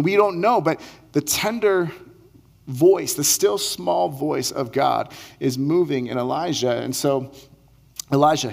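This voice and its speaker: A man's voice: on the high side, vocal fry. A male pastor giving a conversational sermon, acting out quoted lines as he speaks. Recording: long hall reverb.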